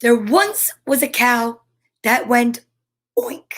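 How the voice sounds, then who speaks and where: Woman, high voice, unhurried, playful storytime reader, animal noises. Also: fairly bright tone. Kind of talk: reading picture books aloud to kids. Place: home studio.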